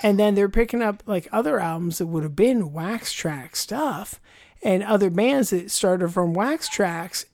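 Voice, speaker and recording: A woman's voice: mid-range voice, expressive, a little slow, a little mellow, no echo, clean studio sound. A woman co-hosting a podcast in casual chat, rambling and chatty, full of asides and fillers.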